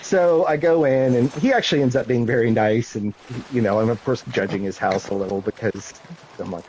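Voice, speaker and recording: A man's voice: mid-range voice, brisk, darkish tone, a little hiss or hum, low-quality recording. A man in his thirties telling a self-deprecating story on a live stream, full of fillers and restarts. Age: 30s. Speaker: gaming streamer.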